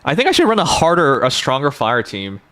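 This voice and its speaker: A man's voice: mid-range voice, huge pitch swings, a little fast, fairly bright tone, no room sound. Young male streamer thinking aloud, dry mic. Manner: thinking aloud, planning teams. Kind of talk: casual gaming livestream chat.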